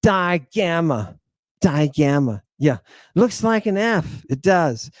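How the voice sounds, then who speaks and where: A man giving an animated, playful language lesson, slowly repeating words for his students to drill. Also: a little high, no room sound. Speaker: teacher.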